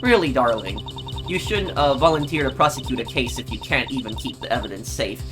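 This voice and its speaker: A man's voice: medium pitch, lively intonation, brisk, close to an everyday voice. A condescending female warden with a shaky French accent, as a man puts her on, purring every line like it bores her. Game music plays underneath the voice. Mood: smug. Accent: attempted French. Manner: purring, condescending, calls people darling. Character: smug scheming woman prison warden.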